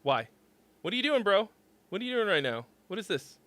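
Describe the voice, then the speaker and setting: A man's voice: sits high, big pitch swings, a little fast, fairly bright tone, no echo. A man in his forties hosting a song critique livestream, chatting casually in a rambling, profane way that breaks off and restarts. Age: 40s. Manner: rambling, profane, self-interrupting.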